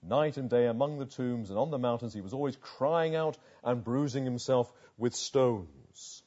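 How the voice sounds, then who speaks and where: Husky-voiced preacher asking vivid questions. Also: male voice, mid-range voice, normal speed, mellow, highs cut off. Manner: vivid, questioning, rhetorical build-up. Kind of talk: sermon.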